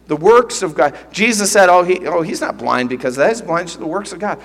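A man's voice: high-pitched, animated, fairly quick, fairly bright tone. A man preaching a sermon as pastor, teaching earnestly and emphatically, often repeating phrases. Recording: long reverb of a large hall.

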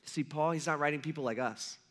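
High-voiced, bright American preacher. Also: male voice, a little fast. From United States. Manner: conversational preaching, acts out quotes. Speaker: pastor. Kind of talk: sermon.

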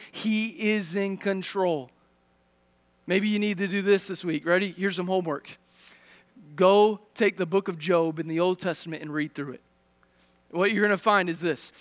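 High-voiced pastor preaching in a reverberant hall. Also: male voice, fairly bright tone. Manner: questions the congregation directly, pauses and restarts. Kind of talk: sermon. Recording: long reverb of a large hall.

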